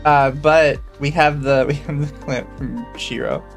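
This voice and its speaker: A blunt podcast host chats casually and reads out viewer messages, swearing freely and dropping dry asides. The voice sits at an ordinary middle pitch. Soft background music runs underneath. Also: fairly even intonation, a little slow. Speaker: podcast host reading chat. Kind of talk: casual chat.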